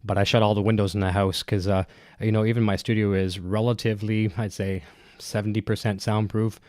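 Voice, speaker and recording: A man with a cold chats loosely through a guitar gear livestream at his home studio, reading viewer comments between heavy breaths. His fairly low voice is a little mellow, with little pitch movement and a fairly quick pace, and he rambles with many fillers and restarts. It's a dry recording from a close dynamic broadcast mic.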